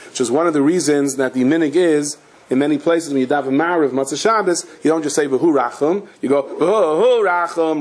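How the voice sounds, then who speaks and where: A man, a rabbi, giving a Torah lecture as an animated storyteller who acts out the characters with sudden high-pitched outbursts. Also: slightly rough.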